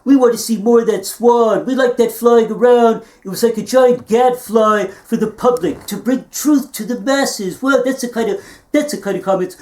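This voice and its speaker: A man playing a self-absorbed male podcaster who exclaims often, in a low-budget comedy film. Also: moderate pace, a little mellow. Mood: excited. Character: vain, excitable male podcaster. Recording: roomy echo.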